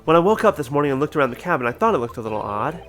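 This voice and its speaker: An earnest young lawyer, read by a man who works through a case step by step. His delivery is steady, and faint game music plays behind him. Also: fairly high pitch, very fast. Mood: reasoning.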